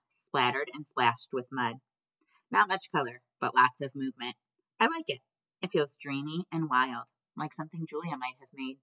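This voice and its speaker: A woman reads a storybook aloud in a low voice with a bright edge. Her delivery is measured and gently expressive, and the recording sounds slightly muffled. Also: dry recording. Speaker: audiobook narrator. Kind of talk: scripted narration.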